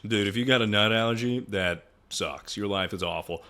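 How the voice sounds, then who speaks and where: A man's voice: lowish voice, normal speed, bright, forceful tone. A man in his twenties streaming, ranting casually and profanely as he ranks things. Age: 20s. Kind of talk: casual livestream commentary.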